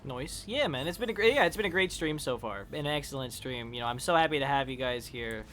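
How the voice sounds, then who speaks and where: A man's voice: medium pitch, lively intonation, fairly quick, a bit bright, a little hiss or hum. A man chatting casually with viewers while playing a game on a live stream, rambling and swearing when he fails.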